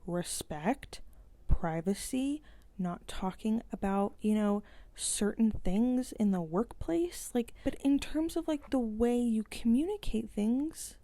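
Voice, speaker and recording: A woman's voice: a little high, lively intonation, slow, dark tone. A young woman in a casual vlog, rambling with lots of "like" and exasperated rhetorical questions. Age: young adult. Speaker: vlogger. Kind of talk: casual vent to camera.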